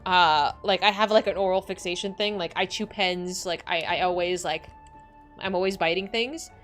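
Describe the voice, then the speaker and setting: A woman's voice: on the low side, normal speed, fairly bright tone, soft background music. A woman streamer chatting casually with her viewers while playing, rambling and saying "like" a lot. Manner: chatty, rambling, heavy use of "like"; reads game dialogue aloud. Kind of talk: casual livestream chat while gaming.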